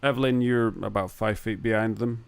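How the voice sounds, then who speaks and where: A man with a Northern English accent running a tabletop game as dungeon master, narrating scenes in an unhurried way with pauses and fillers. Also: lowish voice, steady tone, creaky, clear, resonant tone.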